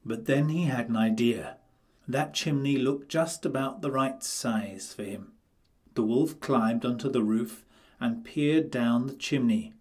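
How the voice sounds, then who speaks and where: A man narrating a children's storybook in a calm, deliberate way. His voice sits at an ordinary pitch, and he takes his time, reading slowly and clearly with space between phrases.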